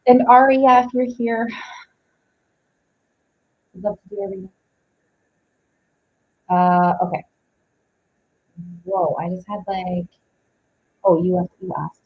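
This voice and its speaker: A woman's voice: mid-range voice, steady tone, slow, long pauses, phone-quality sound, a little hiss or hum. A woman giving a live-streamed tarot reading, rambling with heavy use of "like" and greeting viewers between thoughts. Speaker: tarot reader.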